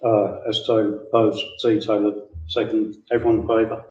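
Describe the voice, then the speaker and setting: A man chairs a council committee meeting, moving briskly through procedure. His voice is low and steady with little rise and fall. He is picked up from across an echoey room on a dull, muffled mic. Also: far from the mic.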